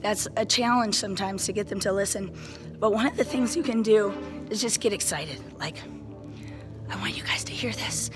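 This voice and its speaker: A woman band director explaining classroom routines to other teachers in an animated way, often checking in with "right?" She says she is a little sick. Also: a little high. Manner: animated, enthusiastic, keeps checking in with "right?" and "okay?". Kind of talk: casual how-to lesson to camera. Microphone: handheld phone.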